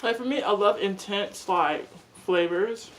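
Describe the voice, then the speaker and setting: Speaking a little slowly in a mid-range voice, a young mukbang vlogger rambles casually as she eats. Her talk is chatty and packed with "like."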